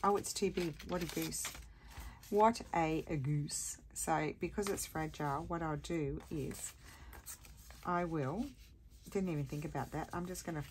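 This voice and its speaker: A woman's voice: low voice, measured pace, a little hiss or hum. A tired woman rambling and thinking aloud as she hosts a casual crafting tutorial. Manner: chatty, rambling, thinks aloud while working.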